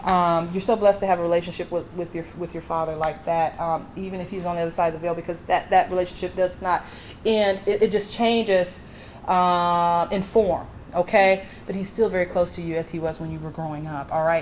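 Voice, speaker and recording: A woman medium giving a live reading to an audience member at an expo, reassuring and emphatic, with breathy exclamations. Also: fairly low pitch, steady tone, brisk, darkish tone, a little hiss or hum. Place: expo hall.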